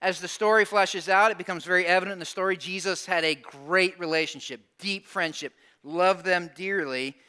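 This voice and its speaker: A man delivers a sermon in a relaxed, conversational storytelling manner. His voice sits high and sounds bright and forceful, and he swings from loud exclamations to quiet, hushed asides. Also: moderate pace, few pauses, smooth. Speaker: pastor.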